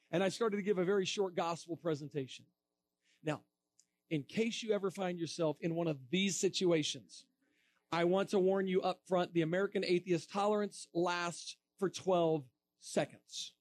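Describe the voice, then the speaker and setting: High-voiced animated male evangelist. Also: normal speed. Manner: animated storytelling with acted quotes and laughter. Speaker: evangelist speaking to students. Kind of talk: storytelling sermon.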